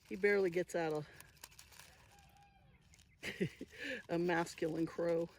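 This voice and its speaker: A woman's voice: on the low side, steady tone, normal speed, pauses often. A woman vlogging about her garden, chatting casually and thinking aloud as she works outdoors. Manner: chatty, thinking aloud, soft-spoken asides. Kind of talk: casual narration while working. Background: passing traffic.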